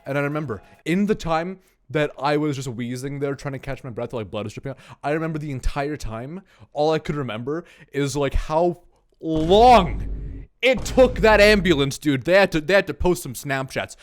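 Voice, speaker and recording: A young man telling a comic story from his childhood, animated and sweary, with lots of exaggeration. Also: on the high side, fairly quick.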